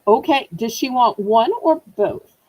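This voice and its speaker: Southern lady hosting a live auction stream, high bouncy voice, playful chatter. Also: animated, a little slow, darkish tone, rough recording. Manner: chatty, playful, self-teasing. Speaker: online auction seller.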